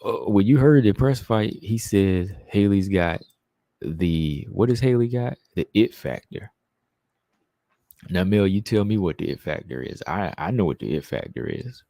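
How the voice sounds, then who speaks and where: Male stream host, deep and gravelly, casual chatty delivery, dry sound. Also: lively intonation, unhurried, warm tone, no room sound. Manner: chatty, answers viewers, says "man" a lot. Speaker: livestream host reading chat. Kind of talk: casual live-stream chat.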